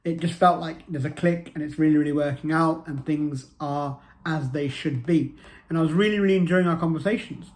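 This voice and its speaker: A man's voice: on the high side, a little fast, a little mellow. A man, telling a personal story to camera in an earnest way and repeating phrases for emphasis. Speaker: motivational vlogger.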